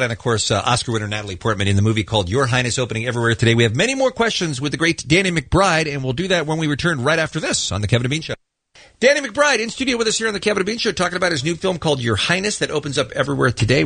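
A man's voice: medium pitch, fairly bright tone, breathy edge, dry recording. A man co-hosting a radio talk show, teasing the guest and reading plugs. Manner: teasing, jokey, plugging announcements. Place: radio studio.

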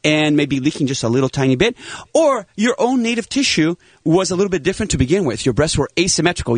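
Animated, high-voiced man in his fifties. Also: quick pace, few pauses, dry recording. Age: 50s. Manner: excitable, salesy, jokey. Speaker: plastic surgeon guest. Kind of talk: animated talk show chat.

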